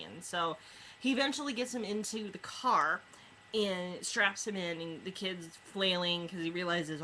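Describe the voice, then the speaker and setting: A woman reviewing books in a casual chat, retelling stories with lots of fillers and quick asides. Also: on the low side, sharp tone, slight background noise, poor audio. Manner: chatty retelling with many fillers. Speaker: book reviewer.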